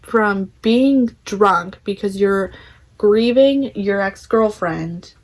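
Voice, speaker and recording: A woman's voice: mid-range voice, slow pace. Young woman, book vlogger, chatty, plot recap, lots of "like", quotes characters aloud. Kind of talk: casual plot summary.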